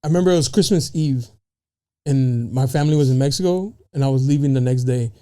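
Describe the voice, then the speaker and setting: A man co-hosting a podcast, telling a story in a loose, animated way with lots of swearing. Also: medium pitch, fast, clean tone. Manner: animated, swears a lot, laughs often. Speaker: podcast co-host. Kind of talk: casual chat.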